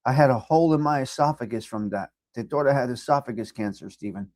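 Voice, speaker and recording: A middle-aged man with a New York accent hosting a casual live chat, giving blunt, profane tough love to viewers and swinging from low mutters to loud outbursts. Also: fast talker, dry recording, clean studio sound. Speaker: livestream host reading chat.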